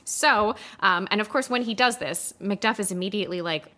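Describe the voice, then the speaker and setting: A woman co-hosting a casual chat, talking fast and loose, swearing and acting out characters. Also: medium pitch, sharp tone. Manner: chatty, swears, acts out characters in quick asides. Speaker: podcast co-host.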